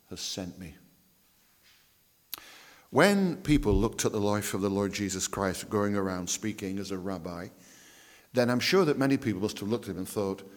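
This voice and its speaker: A man preaching a sermon, emphatic, drawing out key words and dropping to a hush. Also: lowish voice. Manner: emphatic, drawn-out phrasing with dramatic drops to a hush. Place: church. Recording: reverberant church hall.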